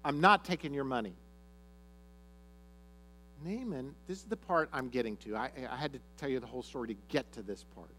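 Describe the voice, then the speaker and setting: A man's voice: medium pitch, fast, few pauses, soft background music. A man preaching a sermon, retelling a story and acting out the characters' lines. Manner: animated, acts out characters' lines. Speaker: pastor.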